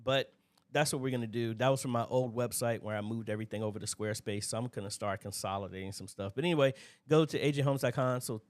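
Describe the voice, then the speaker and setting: A man hosting a casual livestream Q&A, greeting viewers by name in a relaxed, chatty way. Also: medium pitch, quick pace. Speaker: livestream host.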